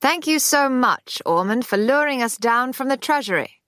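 A woman voicing a polite, educated middle-aged male civil servant with a high drawl. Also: animated, moderate pace, fairly bright tone, dry recording, studio quality. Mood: genial. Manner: polite, ironic.

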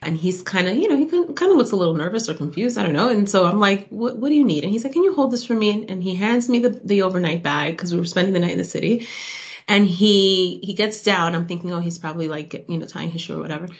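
A woman guest on a radio interview, telling a personal story in a lively, heartfelt way. Her voice sits in a middle range and she speaks casually, with laughter breaking in. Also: medium pitch, fast. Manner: animated, emotional retelling with laughs.

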